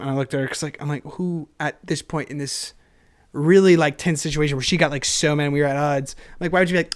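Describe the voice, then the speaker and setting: Rambling, energetic young man. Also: fairly high pitch, fast talker. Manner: energetic, self-deprecating, laughs often. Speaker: solo podcast host. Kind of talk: rambling casual monologue.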